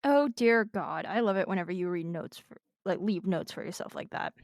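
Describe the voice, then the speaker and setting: A woman co-hosting a podcast, chiming in with quick, dry quips. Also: fairly low pitch, dry recording. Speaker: podcast co-host. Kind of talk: casual chat.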